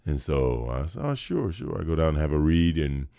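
A man with a deep voice telling stories as a guest in a casual chat, animated and prone to slipping into voices. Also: brisk, smooth, no room sound, clean studio sound. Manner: animated storyteller, slips into voices.

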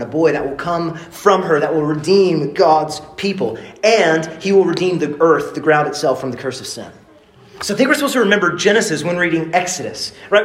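A man from East Texas preaching a sermon in a casual, animated, joking way. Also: a little high, roomy sound. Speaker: pastor.

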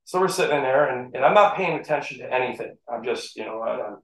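A middle-aged man, a former football player telling animated stories from his playing days in a casual interview. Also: medium pitch, fast talker. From St. Catharines, Ontario, Canada. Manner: animated storyteller who acts out the voices in his story. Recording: echoey room.

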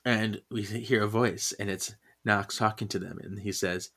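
A man's voice: fairly low pitch, fairly even intonation, normal speed, hardly any pauses, a bit bright. A man co-hosting a podcast in casual chat, giggling and acting out comic characters with exaggerated voices. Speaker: podcast co-host.

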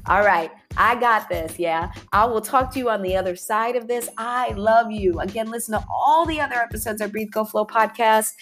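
A woman's voice: fairly high pitch, normal speed, hardly any pauses, fairly bright tone, soft background music. A woman hosting a motivational podcast, talking in an encouraging, repetitive way and often saying "y'all". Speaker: podcast host.

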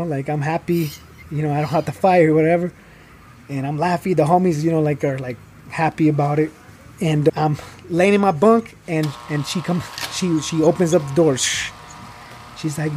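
A young man, telling a personal story in casual talk, animated and full of fillers, acting out the people he quotes. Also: fairly high pitch, normal speed, slight background noise. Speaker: guest telling his story.

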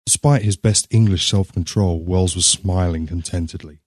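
A man reading a story aloud in a measured, grave narrating manner. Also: deep voice, darkish tone, dry recording, clean studio sound.

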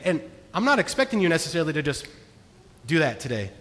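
Earnest high-voiced pastor preaching in a hall. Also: male voice, very animated, quick pace. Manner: earnest, shifts from hushed to emphatic. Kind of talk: sermon. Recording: long reverb of a large hall.

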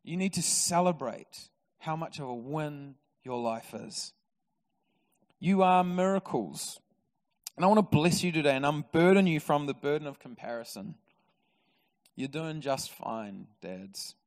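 Lively New preacher in a reverberant hall. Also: male voice, a little high, unhurried. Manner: lively, storytelling preacher with humour. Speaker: pastor. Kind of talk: sermon. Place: church auditorium. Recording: long reverb of a church hall.

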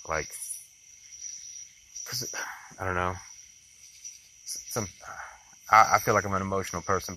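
A man's voice: low voice, sharp tone, slight background noise, rough recording. A young man, rambling and reflective in a casual daily video diary about being a father. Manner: rambling, reflective, with many fillers and restarts. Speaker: vlogger, father.

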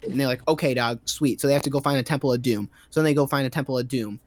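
A man's voice: mid-range voice, rapid-fire, a little hiss or hum. A man giving a rambling, sarcastic recap of a movie's plot in a casual comedic style, full of fillers.

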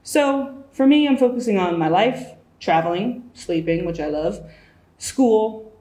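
A woman's voice: medium pitch, lively intonation, measured pace, warm tone. Chatty young woman in an echoey room. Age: 20s. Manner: chatty, acts out quoted voices. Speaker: guest. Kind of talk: casual chat.

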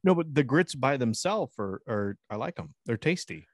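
A man's voice: mid-range voice, expressive, moderate pace, no room sound, clean studio sound. An American man co-hosting a casual podcast chat, crude and laughing often. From United States. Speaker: podcast co-host.

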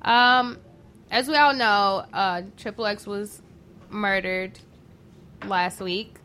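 Woman hosting a chill talk show, chatty, mid pitch, lots of ums between thoughts. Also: pushed and bright, clean tone. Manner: chatty, with frequent "um" pauses. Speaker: radio show host. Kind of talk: casual talk-show chat.

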